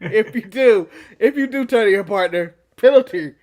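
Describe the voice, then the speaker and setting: Animated high-voiced man joking around. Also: normal speed. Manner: animated, jokey, breaks into laughter and mock voices. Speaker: podcast co-host. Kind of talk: casual wrestling recap chat.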